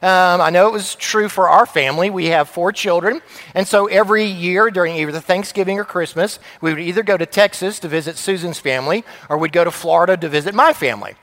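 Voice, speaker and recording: A middle-aged man preaching a sermon as pastor, telling a family story with lively acted voices. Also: sits high, brisk. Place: church sanctuary. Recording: long church hall reverb.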